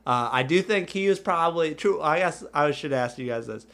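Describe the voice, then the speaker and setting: Man, podcast co-host, casual chat, laughs easily, somewhat high voice. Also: animated, a little fast, fairly bright tone. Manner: chatty, laughs easily, hedges with "I think".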